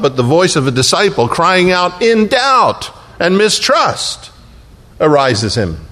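A man's voice: high voice, very animated, slow pace, fairly bright tone. A man preaching a sermon as pastor, telling the story with humor and acting out the voices of the people in it.

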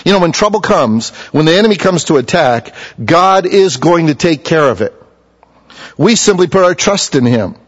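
A middle-aged man preaching with a fairly high voice, telling stories in a folksy way. He drops low and quiet, then rises loud and emphatic. The recording sounds dull and lo-fi. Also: expressive, normal speed. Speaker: pastor. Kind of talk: sermon.

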